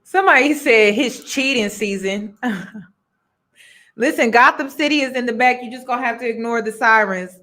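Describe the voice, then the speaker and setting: Her voice sits on the high side, bright and forceful, at a normal pace as she reacts to a reality show on her casual vlog. She chats with viewers emphatically, restating her points over and over.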